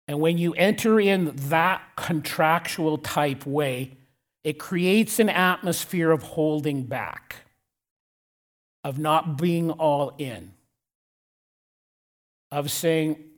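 A male pastor preaching a sermon in a church, blunt and direct, repeating key lines and slowing down to drop his voice on the important words. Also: on the high side.

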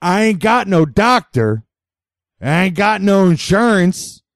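A man's voice: sits high, sing-song, slow, no room sound, studio quality, voice pushed up, full character voice. A man voicing a cranky, folksy old father obsessed with donuts, grumbling in broken grammar. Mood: whiny. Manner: folksy, gruff, ungrammatical grumbling.

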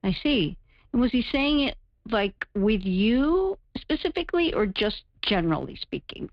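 A woman's voice: fairly high pitch, big pitch swings, moderate pace, no echo. Woman podcast host, probing interviewer; dry, lo-fi sound. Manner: probing, asks clarifying questions. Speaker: podcast host and relationship counselor. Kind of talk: interviewing a guest. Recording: dry, dull lo-fi audio.

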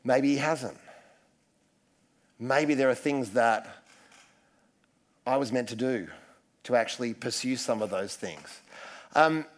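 A man's voice: mid-range voice, slow pace, long pauses. A man preaching a casual, self-deprecating sermon full of asides. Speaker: pastor.

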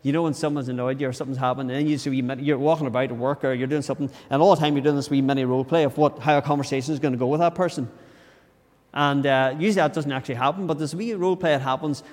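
A man's voice: medium pitch, fairly even intonation, rapid-fire, a little mellow, in a large hall. A man preaching a sermon in a church, talking earnestly and conversationally, often restarting his sentences. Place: church during a service.

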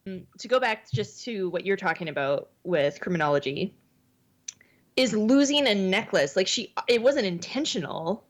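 A woman's voice: mid-range voice, lively intonation, moderate pace. A woman chatting on a podcast with an earnest, candid manner. She talks openly and personally. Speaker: podcast co-host. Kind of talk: casual chat.

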